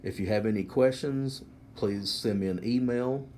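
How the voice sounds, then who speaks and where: A man teaching a whiteboard math lesson, explaining each step slowly and methodically. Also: fairly low pitch, dark tone, a little hiss or hum.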